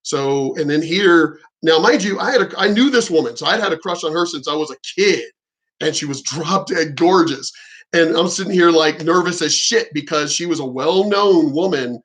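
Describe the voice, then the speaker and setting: A man's voice: fairly high pitch, normal speed, a bit bright. A middle-aged man vlogging, telling a frank, profane and rambling story about his sex life. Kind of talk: candid storytelling monologue.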